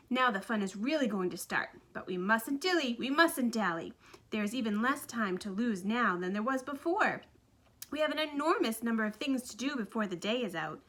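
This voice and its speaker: An exuberant, gushing candy-factory owner, a grown man full of theatrical delight, as a woman reader puts him on. The voice sits high and bright, with crisp exclamations that tumble over one another in a storybook telling. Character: excitable eccentric male candy factory owner.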